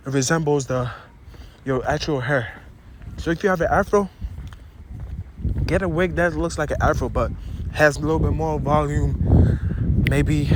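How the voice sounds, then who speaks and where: A man's voice: fairly high pitch, noisy background. Rambling young man with an African-American mixed accent. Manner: rambling, repeats and restarts phrases, addresses viewers directly. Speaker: vlogger. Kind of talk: opinionated casual monologue to camera.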